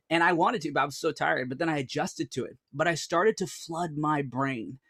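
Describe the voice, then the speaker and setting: A man in his thirties telling a group an earnest personal story, animated and full of restarts and "like". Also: on the high side, a little fast, hardly any pauses, dry recording, clean studio sound. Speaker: speaker.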